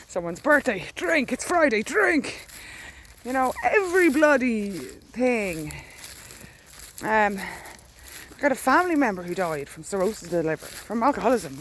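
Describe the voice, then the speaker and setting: Out on a field walk with her dog, a woman from Ireland records a casual, rambling vlog, chatty and candid as she strolls. Her voice sits at a medium pitch, and faint rural air and slight background noise can be heard.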